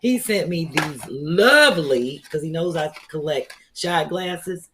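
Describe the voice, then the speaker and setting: A woman's voice: sits low, animated, slow, pushed and bright, slight background noise. A woman hosting a comedy talk show in casual chat, telling stories animatedly with casual slang and frequent laughter over a video call.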